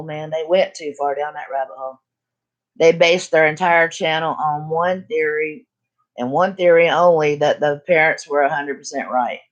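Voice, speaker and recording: An older woman from the American South holds forth in a casual chat. Her voice sits on the low side. She speaks bluntly, with hard emphasis, and doesn't soften a word. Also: dull audio. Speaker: channel host.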